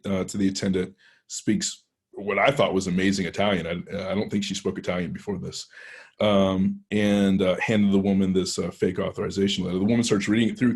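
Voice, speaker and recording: Low husky Texan man telling a story. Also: darkish tone. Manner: rambling anecdotal delivery, frequent hesitations and restarts. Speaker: penetration tester guest speaker. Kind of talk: storytelling talk to a club.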